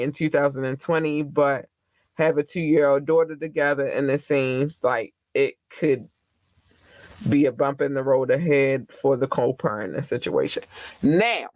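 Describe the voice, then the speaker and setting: A man's voice: on the high side, dry recording. Chatty candid man hosting a gossip podcast. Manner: candid and chatty, with slang and swearing. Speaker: podcast host. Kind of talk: casual gossip podcast monologue. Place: Baltimore.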